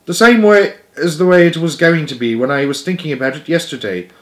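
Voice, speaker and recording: A man's voice: mid-range voice, big pitch swings, moderate pace, echoey room, natural voice. A man voicing a small, fussy, proper male mouse who gets easily upset and bursts out indignantly. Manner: anguished, indignant outbursts.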